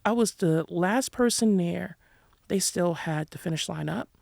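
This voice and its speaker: A woman's voice: on the low side, measured pace, gravelly, no room sound, studio quality. A New woman, telling her running story candidly as a podcast guest, laughing often. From New York City. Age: 30s. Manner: animated, frank, laughs often. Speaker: podcast guest, endurance runner.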